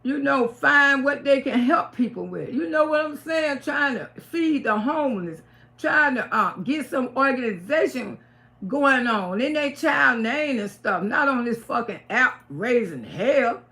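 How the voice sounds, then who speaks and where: A middle-aged woman chats on a live stream with a high, gravelly voice. She talks bluntly and curses freely, repeating her points for emphasis as she speaks to her viewers. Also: lively intonation, a little slow, sharp tone.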